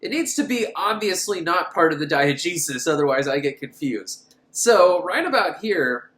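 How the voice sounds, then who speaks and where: A man's voice: a little high, expressive, moderate pace, fairly bright tone, reverberant. A man recapping a horror film in a crude, sarcastic way, laughing at his own jokes. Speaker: film reviewer. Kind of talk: casual comedic movie recap.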